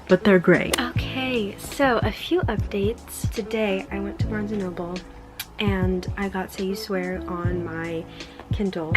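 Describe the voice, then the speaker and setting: A young woman talking casually in a vlog diary, chatty and full of "like". She speaks at home into a phone or camera. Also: mid-range voice. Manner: chatty, says "like" often. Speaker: book vlogger. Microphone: camera or phone nearby. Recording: music playing behind.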